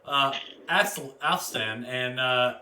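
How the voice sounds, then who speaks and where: Bright-voiced man running a tabletop game. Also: mid-range voice, unhurried. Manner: casual, laughing, loose storytelling. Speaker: dungeon master. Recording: roomy mic with faint noise.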